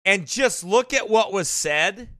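A man with a rural American accent hosts a reaction video, exclaiming, repeating himself and preaching excitedly. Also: sits high, slow pace, dry recording, clean studio sound. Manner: repeats phrases, exclaims, wonders aloud. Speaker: host reacting to a documentary.

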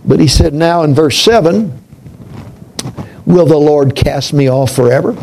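Slow gravelly preacher man. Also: a little high, slight background noise, poor audio. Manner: slow, reflective, drops to a hush on key points. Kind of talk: sermon.

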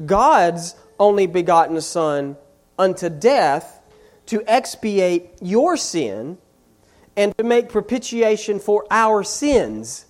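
A pastor preaching a sermon in an emphatic style, hammering key phrases again and again and building force on each repeat. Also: mid-range voice.

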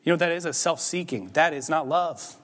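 A man delivering a sermon in a church, his fairly high voice carried by a long hall reverb. He talks to the congregation in a conversational way, then builds to emphatic, forceful peaks. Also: animated, brisk. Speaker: pastor. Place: church sanctuary.

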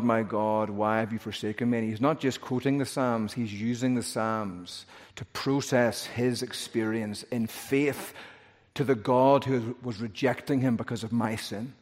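A male pastor preaching a sermon with emphatic, rhythmic repetition. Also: mid-range voice. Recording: long hall reverb.

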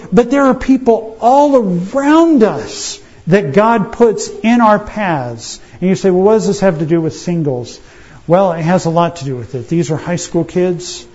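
A man's voice: fairly high pitch, mellow. A man preaching a sermon at a family camp, folksy, speaking straight to the children and checking in with "right?". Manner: folksy, addressing children directly with frequent "right?" check-ins. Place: church camp meeting. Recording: dull lo-fi sermon recording.

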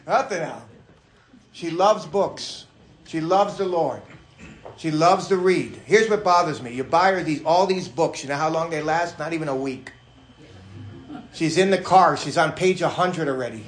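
A middle-aged male pastor delivers a sermon in a fairly high voice, swinging from quiet asides to near-shouted emphasis. He sounds animated and earnest. The sound carries a roomy echo from the church around him. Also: unhurried. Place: church sanctuary.

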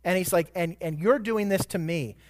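High-voiced preacher with surging emphasis. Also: male voice, moderate pace. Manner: dynamic preaching, swelling to loud emphatic peaks. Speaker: pastor. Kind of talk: sermon.

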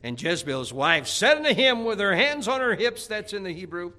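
A man preaching a sermon, telling a Bible story in a lively, dramatic way. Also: sits high, brisk, few pauses. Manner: animated storytelling preaching, acting out scripture characters.

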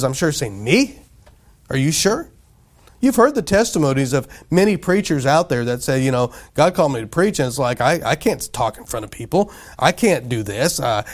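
A male pastor with a somewhat high voice preaches conversationally, often putting questions to the congregation and acting out the voices he quotes.

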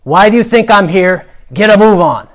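A man voicing a gruff, blunt dungeon guard who barks at a freed prisoner. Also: high voice, animated, normal speed, pitched above the performer's own voice. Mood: barking. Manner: barking orders, loud and raised.

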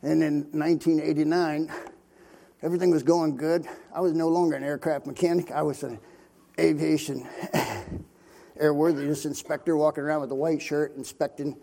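A man's voice: fairly high pitch, flat delivery, normal speed, gravelly, dark tone. An older man from Pennsylvania, a missionary preacher, telling his testimony in a folksy sermon style full of fillers. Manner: folksy storytelling with many fillers.

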